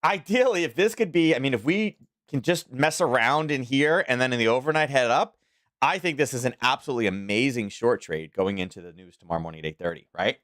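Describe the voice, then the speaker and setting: A man's voice: medium pitch, animated, a little fast, fairly bright tone, dry recording, clean studio sound. A man from Maryland hosting a live trading stream, talking in a casual, rambling way with many fillers and restarts. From Maryland, USA. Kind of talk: casual live market commentary.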